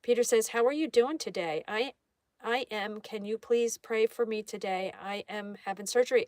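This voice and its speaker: A woman's voice: fairly high pitch, moderate pace, darkish tone, no echo, studio quality. Chatty woman hosting a live art stream. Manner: reads viewer comments aloud, friendly greetings. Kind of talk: casual live-stream chat while drawing.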